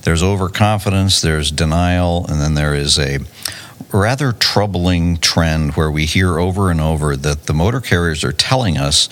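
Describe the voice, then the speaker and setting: Deep-voiced male executive, self-assured podcast guest who restarts his phrases. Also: moderate pace, fairly bright tone. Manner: confident, fluent, many restarts and repeated words. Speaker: tech company CEO, guest. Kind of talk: conversational podcast interview. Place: conference venue.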